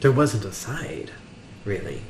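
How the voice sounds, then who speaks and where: A man's voice: on the low side, very animated, slow pace. A man casually playing a tabletop game, thinking aloud as he speaks. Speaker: player. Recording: roomy room with faint noise.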